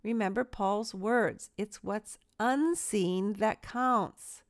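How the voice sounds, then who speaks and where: A middle-aged woman gives an earnest devotional talk, telling small stories from home with self-deprecating humor. Her voice has a gravelly creak, and the recording is dry and close to the mic. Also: mid-range voice, takes it slowly, dry recording. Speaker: Christian speaker.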